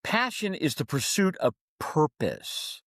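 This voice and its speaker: A male leadership coach telling stories on a podcast, his slightly high voice swooping up and down as he acts out the people he talks about. The delivery is emphatic and preacher-like. The sound is close and dry, with no room in it. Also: sing-song, slow pace, fairly bright tone, dry recording. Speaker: leadership coach and speaker for dentists. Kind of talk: storytelling in a podcast interview.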